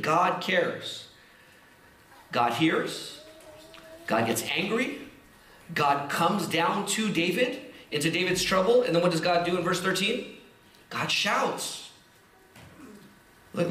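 A man preaching a sermon, reading scripture slowly and explaining it in a lively, conversational way with casual asides. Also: fairly high pitch, reverberant. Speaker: pastor.

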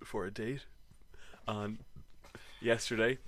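A man chatting on a podcast in a bright, ringing voice. He tells meandering stories, laughing often, and slips into low, quiet tones mid-story. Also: steady tone, slow pace. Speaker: podcast co-host. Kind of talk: casual chat.

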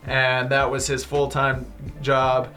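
A man's voice: mid-range voice, monotone, slow pace, sharp tone, soft background music. Earnest male author on talk radio. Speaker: author guest. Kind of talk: radio interview answers.

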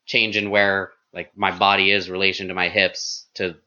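A flamboyant man talking casually about his stand-up, animated and full of fillers. His voice is lowish but bright and forceful, and the recording sounds slightly dull and lo-fi. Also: normal speed. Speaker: stand-up comedian. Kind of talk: casual chat.

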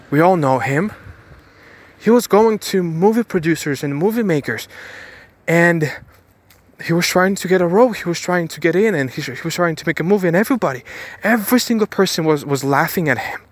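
Fairly high-pitched and expressive, the man talks fairly quickly with no room sound. He's a motivational vlogger outdoors, about to board a bus, giving his viewers an emphatic pep talk full of repeated phrases and restarted words.

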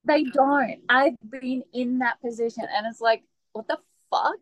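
A woman's voice: high voice, a little slow, no room sound, low-quality recording. A young woman co-hosting a podcast in casual chat, blunt and swearing as she chimes in with asides. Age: young adult. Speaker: podcast co-host.

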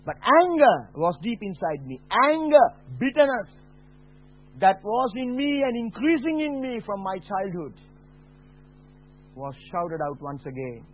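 A man gives a slow, dramatic testimony sermon in a husky voice. His pitch ranges widely, and he swings from hushed words to shouted ones. The recording is thin and phone-like. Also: big pitch swings. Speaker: preacher giving testimony. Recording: tinny phone-like sound.

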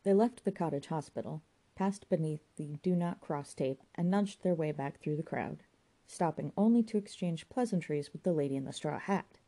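A woman narrating a story in a wry, measured manner. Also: low-pitched, warm tone. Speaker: audiobook narrator.

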